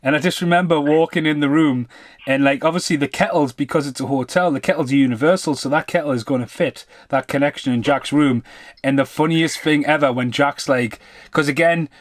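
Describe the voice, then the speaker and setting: Podcast co-host: man, slightly high-pitched, animated and sweary, laughs through his anecdotes. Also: a little fast, no room sound. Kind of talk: casual reunion podcast chat.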